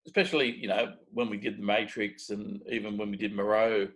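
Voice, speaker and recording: Fairly low-pitched and fairly fast, this Australian make-up effects artist in middle age chats as an interview guest. He recounts tales animatedly and casually, restarts a lot, and plays out quoted dialogue, all on a rough recording.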